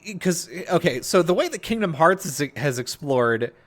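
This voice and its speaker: Male co-host, animated and chatty, slightly high voice with big swings, laughs easily. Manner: animated, full of "like" and restarts, quick to laugh. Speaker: podcast co-host. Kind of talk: casual chat.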